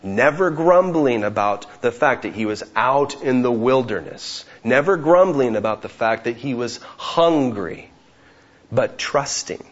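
A man's voice: mid-range voice, expressive, unhurried, dull audio. A man preaching an expository sermon, who keeps asking rhetorical questions and acts out the voices of the people in the story.

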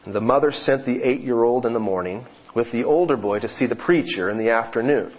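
Speaking a little fast at medium pitch, a preacher opens his sermon with a joke told as a story, then moves on to scripture. Now and then he corrects himself. It's a dull, lo-fi recording.

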